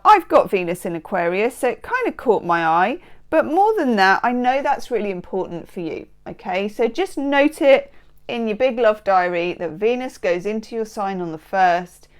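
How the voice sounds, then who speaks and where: Bubbly woman reading tarot. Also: mid-range voice. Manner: bubbly, exclamatory and playful. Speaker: tarot reader. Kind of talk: tarot card reading to camera. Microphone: microphone close by.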